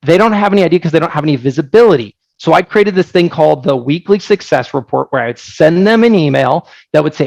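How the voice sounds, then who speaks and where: Man, gravelly fry, fairly high voice, joking storyteller, casual webinar demo. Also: fast, hardly any pauses, no room sound, low-quality recording. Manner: energetic, joking, storytelling with many asides. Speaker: software founder presenting on a webinar. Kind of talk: casual live product presentation.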